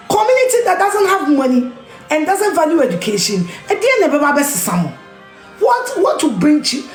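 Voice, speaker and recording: A woman's voice: high-pitched, reverberant. A woman with a Ghanaian accent delivering an impassioned, scolding monologue, repeating her points and mixing in local phrases. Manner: scolding, emphatic, repeats phrases, switches into Twi and Ga. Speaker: media personality ranting on camera.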